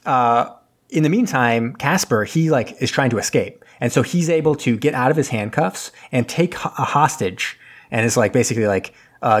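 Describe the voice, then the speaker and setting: A man's voice: medium pitch, lively intonation, brisk, a little hiss or hum. A man casually recapping a movie plot on a podcast, rambling with lots of fillers and losing his thread. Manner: rambling, filler-heavy, loses his train of thought.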